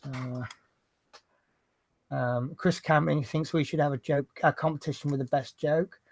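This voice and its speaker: A man's voice: fairly high pitch, level tone, brisk, slight background noise. A man hosting a casual hobby show, rambling through jokes and banter. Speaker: host. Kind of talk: casual chat, telling jokes.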